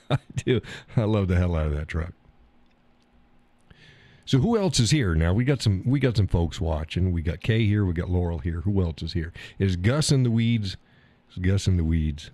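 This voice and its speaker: A man's voice: low voice, animated, moderate pace, pauses often, warm tone, no echo. A man hosting a casual live stream, joking in a folksy way, reading viewers' comments aloud and laughing often.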